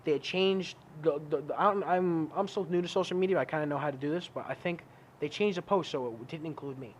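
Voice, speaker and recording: A man co-hosting a casual podcast chat, telling lively stories, acting out his own outbursts and swearing freely. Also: fairly high pitch, fast, slight background noise. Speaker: podcast co-host.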